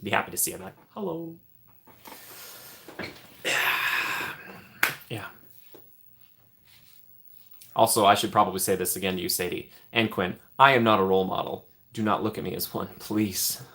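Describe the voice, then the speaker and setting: A young man talks casually on his live stream, answering viewers in a relaxed, chatty way. He laughs a lot and his voice often drops to a quiet mumble at the end of a thought. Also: deep voice, fast talker. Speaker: livestream host.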